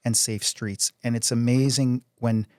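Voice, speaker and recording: A man's voice: mid-range voice, flat delivery, a little slow, a little mellow, no echo, clean studio sound. A middle-aged man, a council candidate and oil company CEO, speaking earnestly in a casual interview with frequent restarts. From Canada.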